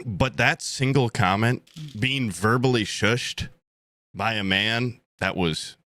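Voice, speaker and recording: A man's voice: lowish voice, slow, pushed and bright, dry recording. A young man co-hosting a podcast, telling a story in a casual, comedic way, acting out quotes and swearing freely. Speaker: podcast co-host.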